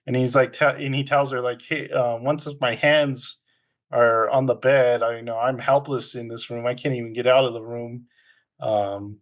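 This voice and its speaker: A man's voice: medium pitch, level tone, moderate pace. Laid-back man recapping a film. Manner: rambling retelling with filler ums and laughs. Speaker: podcast co-host. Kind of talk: casual movie recap chat.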